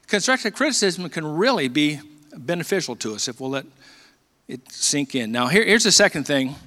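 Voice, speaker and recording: A man in his sixties preaches from a church pulpit with a bright, forceful voice pitched a little high. He talks fast and excitedly, then slows right down to read scripture. The sound rings with the long reverb of a large church hall. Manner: quick, animated talker who slows down for scripture readings. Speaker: pastor. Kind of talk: sermon. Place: church sanctuary.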